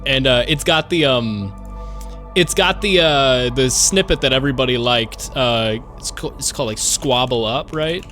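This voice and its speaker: A man chatting casually to his live-stream audience, rambling and excitable, swearing freely. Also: medium pitch, moderate pace, soft background music.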